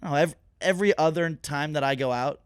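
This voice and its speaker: A young man co-hosting a podcast, telling stories in animated casual chat and laughing often. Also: a little high, fast talker, clear, resonant tone, no echo, studio quality. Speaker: podcast co-host.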